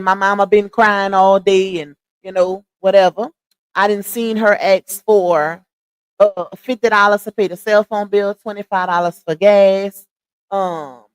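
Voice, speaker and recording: A woman's voice: mid-range voice, dry recording. A woman hosting a casual livestream, chatting straight to her viewers and laughing often. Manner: laughs often while talking. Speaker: livestream host.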